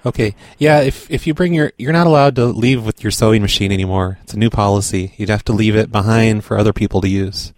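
A man making a prank phone call, pushy, rude and deadpan. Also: on the low side, fast, few pauses, dry recording. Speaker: prank caller.

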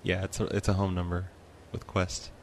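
A man's voice: deep voice, little pitch movement, moderate pace, slight background noise. A man making prank phone calls with dry, straight-faced banter. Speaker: prank caller. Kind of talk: casual prank call banter.

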